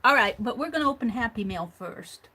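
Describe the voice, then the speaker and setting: A woman's voice: on the high side, expressive, a little fast, pushed and bright, breathy edge. A woman hosting a livestream, chatting casually while crafting, talking to herself and laughing easily. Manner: chatty, talks to herself and reads viewer comments aloud; frequent restarts and fillers, laughs easily.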